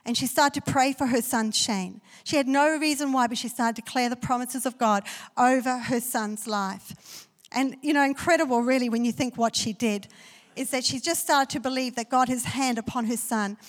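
Woman, pastor, sermon, storytelling, declaring, fairly high voice, long hall echo. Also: moderate pace. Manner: story-driven preaching that swells into loud declarations.

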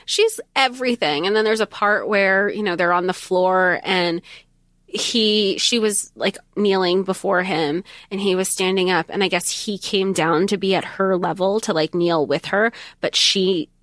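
A woman co-hosting a podcast, talking casually about a book, acting out quotes in an animated way with frequent laughs. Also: medium pitch, unhurried, no echo, clean studio sound. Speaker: podcast co-host.

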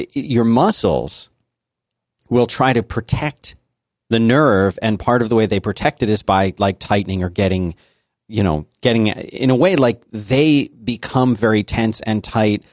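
A man with a lowish voice tells family stories in a relaxed podcast chat, slipping into the voices of the people in them. The sound is close and dry, with no room around it. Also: dry recording. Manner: animated storyteller, acts out family voices. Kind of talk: casual chat.

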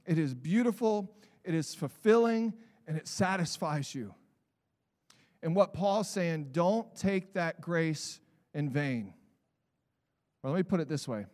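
Fired-up high-voiced male pastor preaching. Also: long reverb tail. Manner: animated preaching, builds to shouts, mock voices for examples. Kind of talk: sermon. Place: church sanctuary.

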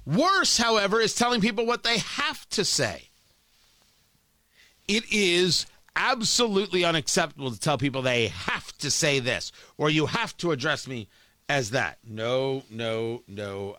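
A man's voice: medium pitch, sharp tone, dry recording. A man delivering an emphatic opinion monologue as a talk host, often repeating words as he builds a point.

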